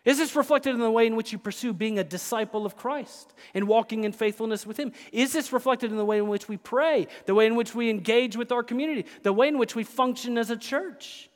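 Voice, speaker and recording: A man preaches a sermon as pastor, his impassioned delivery swinging between loud proclamation and hushed intensity. His voice is extremely high-pitched and brisk, and the recording carries long church reverb.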